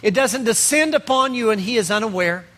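A man preaching a sermon as pastor, asking rhetorical questions and pausing for effect. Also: very high voice, lively intonation, a bit bright.

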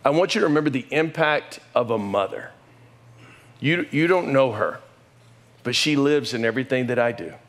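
A middle-aged man delivering a sermon in an emotional storytelling manner. His voice sits at an ordinary pitch for a man. He lifts his pitch and volume when he quotes others. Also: animated, moderate pace. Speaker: pastor.

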